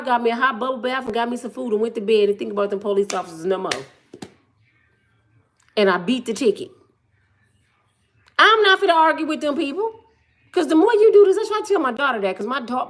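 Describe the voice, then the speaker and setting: A woman's voice: a little high, a little fast, a bit bright. A middle-aged woman from Michigan telling stories in a blunt, joking way and acting out the voices of the people she quotes. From Michigan, USA. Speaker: business owner telling stories. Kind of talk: casual storytelling monologue.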